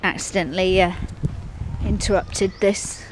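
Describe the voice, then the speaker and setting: A woman vlogging outdoors on a handheld phone, chatting in a rambling, casual way that sometimes turns soft and subdued. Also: mid-range voice, fairly even intonation, measured pace. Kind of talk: casual walking vlog. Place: outdoors on a street. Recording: noisy outdoor street.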